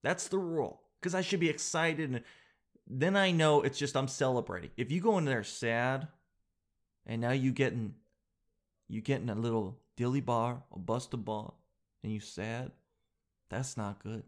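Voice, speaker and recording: A man, hosting a daily show in a casual, rambling monologue full of self-mocking jokes. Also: medium pitch. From Canada.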